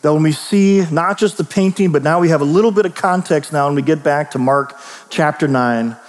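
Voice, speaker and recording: Pastor with a slightly high voice in a reverberant hall. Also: male voice. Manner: casual, storytelling with quick asides and rhetorical questions. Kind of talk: conversational sermon. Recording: long reverb of a large hall.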